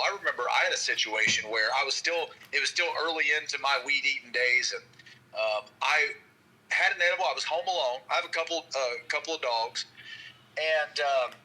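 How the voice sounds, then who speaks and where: A man's voice: mid-range voice, brisk, low-quality recording. A man telling a rambling, self-mocking story in casual podcast chat. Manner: rambling, lively storyteller with restarts. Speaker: podcast co-host.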